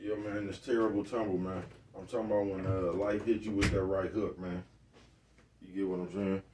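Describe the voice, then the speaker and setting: A relaxed man speaking in a low, deep voice. He talks straight to his viewers in a loose motivational monologue and keeps circling back with "you know what I'm talking about.". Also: normal speed, a little hiss or hum. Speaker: vlogger.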